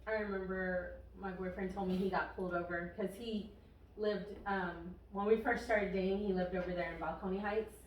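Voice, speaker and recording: A woman's voice: medium pitch, steady tone, moderate pace, slight background noise. Female co-host, frank, profane chat, recorded at a distance in a roomy space. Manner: blunt, swears freely. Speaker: podcast co-host. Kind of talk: casual podcast chat. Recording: echoey room, far from the mic.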